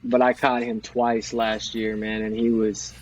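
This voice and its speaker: A man's voice: on the low side, little pitch movement, measured pace, dull audio, a little hiss or hum. A man co-hosting a podcast, trading joking, teasing banter in casual sports chat. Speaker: podcast co-host.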